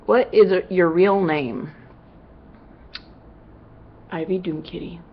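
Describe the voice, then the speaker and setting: A woman's voice: lowish voice, steady tone, takes it slowly, muffled recording, a little hiss or hum. A woman cosplayer answering fan questions in a casual vlog, chatty and upbeat with lots of "you know" asides.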